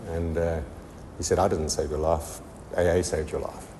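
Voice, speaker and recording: Man giving a recovery testimony, very deep voice, halting with many pauses, echo of a hall, faint noise behind. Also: flat delivery, warm tone. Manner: halting, many ums and restarts. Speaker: person in recovery sharing his story. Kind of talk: personal testimony.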